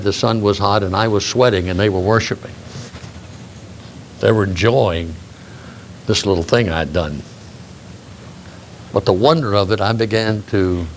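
An older man, a grandfather, preaching a sermon with emphatic rises in pitch. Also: slight background noise. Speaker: pastor.

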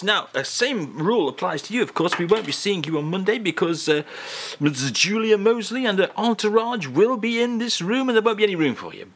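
A man's voice: high-pitched, a bit bright. A man hosting a radio show, bantering dryly and playfully in a casual way. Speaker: radio host.

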